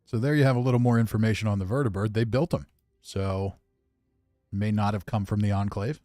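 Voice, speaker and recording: A man with a lowish voice gives casual, grumbling commentary while he plays a game. The mic is close and dry, with faint game music underneath. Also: fairly even intonation, a little fast, dark tone, dry recording. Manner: grumpy, offhand, reads chat aloud. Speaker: gaming streamer.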